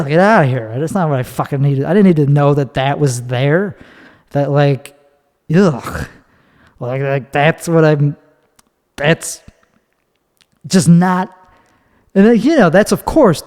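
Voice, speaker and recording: A man hosts his own podcast alone, talking on his feet in a loose, profane, opinionated ramble. His voice sits a little high for a man. The sound carries a long reverberant tail. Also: a little mellow. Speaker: podcast host. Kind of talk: solo podcast monologue. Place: recorded standing up.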